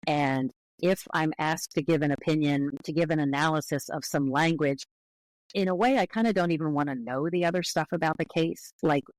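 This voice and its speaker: An American woman linguist, a podcast guest, explaining patiently and carefully with clear qualifications. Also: low-pitched, normal speed, dry recording, low-quality recording. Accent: American English.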